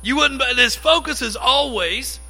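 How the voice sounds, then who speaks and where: A man preaching a sermon in a conversational, animated way, acting out little quotes as he teaches. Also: very high-pitched, measured pace, soft background music, low-quality recording. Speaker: pastor.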